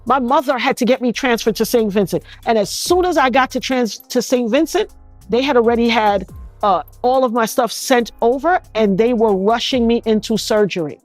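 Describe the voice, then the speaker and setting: A middle-aged woman from New York City recounting being shot, in an animated, emotional storytelling manner full of restarts. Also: on the high side, moderate pace, no room sound, soft background music. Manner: animated, acts out others' voices, frequent restarts. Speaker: interviewee recounting a shooting.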